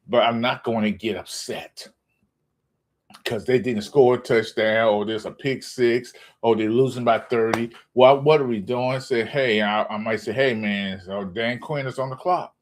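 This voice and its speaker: A man talks in a loose, profane sports rant to his viewers. His voice sits in a middle pitch but shoots up into high, incredulous exclamations as he gets worked up. He sounds like a casual vlogger speaking straight to his audience. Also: unhurried. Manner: animated ranting, profane, jumps to high exclamations. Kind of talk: ranting casual monologue.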